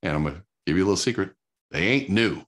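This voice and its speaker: Deep-voiced middle-aged guy, punchy motivational speaker, repeats stuff for emphasis. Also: expressive, fast. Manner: emphatic, conversational, repeats points. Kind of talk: motivational talk.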